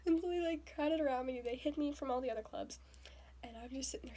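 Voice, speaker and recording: A young woman vlogger telling a personal story in a lively way, acting out quotes with breathy asides. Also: high voice, quick pace. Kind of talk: storytelling vlog. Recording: faint background noise.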